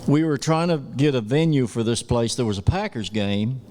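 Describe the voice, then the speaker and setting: A man's voice: mid-range voice, animated, dark tone, slight background noise. A man who is a guest and former producer, telling road stories in a casual chat with many affirming yeahs. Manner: drawn-out storytelling with frequent affirmations.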